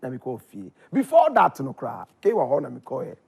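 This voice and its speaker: A Ghanaian man talks through a personal story in a relaxed chat, his husky voice swinging widely in pitch. He gets animated and loud at the exciting moments, then drops back to a low murmur. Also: fast. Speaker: guest. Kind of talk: casual chat.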